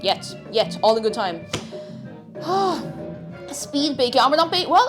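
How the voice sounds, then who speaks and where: A woman's voice: sits high, big pitch swings, moderate pace. A young woman chatting on a live cooking stream, bubbly and sing-song as she greets her chat from a home kitchen. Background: faint background music.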